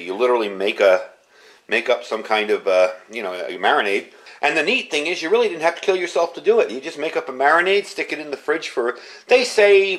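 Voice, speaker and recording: A man in his fifties chatting casually as he walks through a cooking demonstration. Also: mid-range voice. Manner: chatty, relaxed, talks while cooking. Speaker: home cook.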